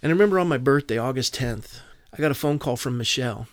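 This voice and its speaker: A man's voice: mid-range voice, lively intonation, quick pace, dry recording, clean studio sound. A man from Southern California, a podcast guest telling a personal testimony in earnest detail, acting out the dialogue. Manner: earnest storyteller, quotes dialogue.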